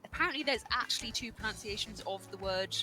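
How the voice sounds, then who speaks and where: A woman's voice: medium pitch, fast, bright, forceful tone, rough recording. A woman co-commentating a game speedrun in a chatty way, laughing often and asking curious questions. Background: game music.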